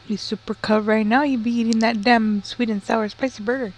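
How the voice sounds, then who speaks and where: A woman co-hosting a casual home livestream, loud and joking, swearing often and dropping Spanish slang. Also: fairly high pitch, fairly even intonation, a little fast. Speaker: streamer's co-host.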